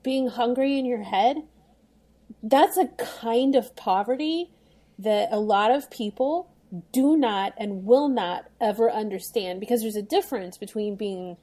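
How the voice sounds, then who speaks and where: A woman's voice: a little high, measured pace, dark tone. A woman talking frankly and wryly on a casual book podcast, often laughing between words. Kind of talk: casual book-club chat.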